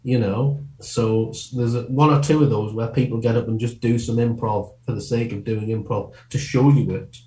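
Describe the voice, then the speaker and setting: A comedian being interviewed casually talks quickly and ramblingly, frequently breaking off to restart sentences. His mid-range voice is steady and dark in tone, and the recording sounds roomy.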